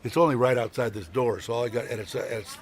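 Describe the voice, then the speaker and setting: A man's voice: medium pitch, quick pace. Guy rambling on his live stream, casual swearing, lots of little chuckles. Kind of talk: casual chat.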